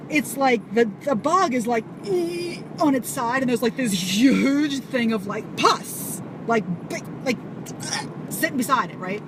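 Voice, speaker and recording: A woman telling a story to camera in an animated, casual way, swearing and full of fillers. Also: on the high side, unhurried. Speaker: vlogger. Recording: audible background noise.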